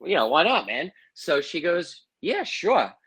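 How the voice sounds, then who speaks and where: Husky man telling a story in an interview. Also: fairly high pitch, moderate pace, poor audio. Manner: animated, acts out quotes, says "man" and "you know what I mean". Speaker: interview guest, firefighter and psychic.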